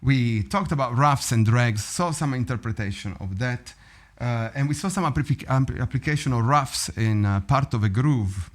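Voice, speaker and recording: A man teaching drum rudiments in a relaxed, animated way, often vocalizing rhythms and laughing. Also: medium pitch, moderate pace. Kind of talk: practice session teaching. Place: drum studio.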